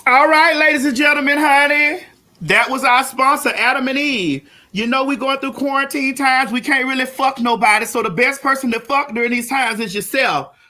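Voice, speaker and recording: Woman host, brash, profane, high bright voice, live stream over a video call. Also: moderate pace. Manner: loud, brash, cussing, hyping the audience. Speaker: show host.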